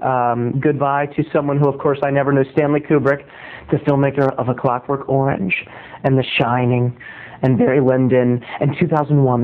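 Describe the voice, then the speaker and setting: A man hosting a comedy show, telling a rambling story with stammering restarts and sudden loud outbursts. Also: medium pitch, steady tone, moderate pace. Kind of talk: comic storytelling monologue. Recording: tinny phone-like lo-fi audio.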